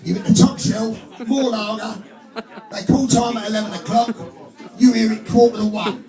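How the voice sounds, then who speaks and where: A man's voice: high voice, steady tone, normal speed, warm tone. A man in his forties with an English accent, doing a crude, blokey stand-up routine to a live audience. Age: 40s. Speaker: stand-up comedian. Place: club stage before a live audience. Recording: echoey club with music and crowd.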